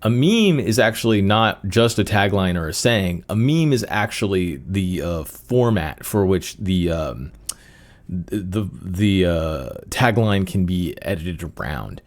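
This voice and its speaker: A man's voice: low voice, animated, measured pace. A young man hosting a solo podcast, rambling casually with many fillers and restarts. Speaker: podcast host.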